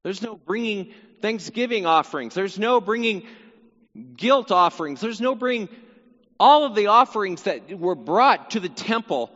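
A man's voice: high-pitched, expressive, normal speed, fairly bright tone, long reverb tail, dull audio. A man teaching through a psalm in sermon style, earnest, repeating phrases and voicing the psalmist's cry. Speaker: Bible teacher.

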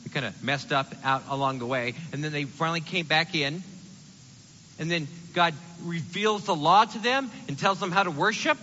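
A man preaching a sermon in an animated, conversational way, acting out the quotes he reads. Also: a little high, normal speed, long reverb tail, lo-fi sound.

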